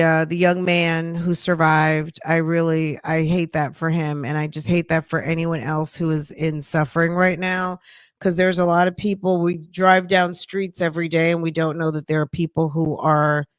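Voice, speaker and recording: A woman's voice: fairly low pitch, smooth, no room sound, clean studio sound. A woman hosting a casual livestream podcast, talking back at critics with sassy, emphatic rhetorical questions and thanking her chat. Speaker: podcast host.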